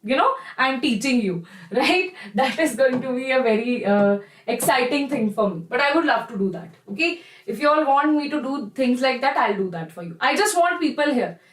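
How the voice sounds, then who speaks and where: Chatty high-voiced Indian woman teacher. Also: expressive, moderate pace, roomy sound, poor audio. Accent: Indian English. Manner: chatty and encouraging, addresses students as "bacha". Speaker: online chemistry teacher. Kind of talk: live online class, chatty teaching.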